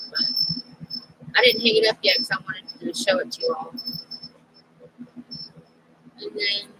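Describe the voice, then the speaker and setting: A middle-aged woman chatting slowly as a craft vlogger, rambling with fillers. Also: medium pitch, background noise. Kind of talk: casual crafting chat.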